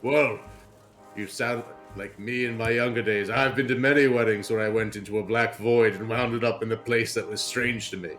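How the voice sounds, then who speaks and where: A man's voice: on the low side, fairly even intonation, moderate pace, fairly bright tone, soft background music, close to an everyday voice. Man putting on a fussy rambling old aristocrat. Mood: hospitable.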